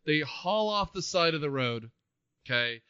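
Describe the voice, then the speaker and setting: Man, podcast co-host, bright and a bit high-voiced, lively and jokey, dull dry recording. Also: unhurried, smooth, no echo. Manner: animated, laughs often, acts out quotes. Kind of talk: casual movie-review chat.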